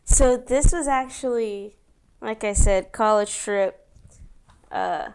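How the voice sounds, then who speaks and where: A woman's voice: fairly high pitch, slow, a little mellow, smooth. A young woman co-hosting a podcast, chatting casually with wry, laid-back remarks. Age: young adult. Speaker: podcast co-host. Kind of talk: casual chat.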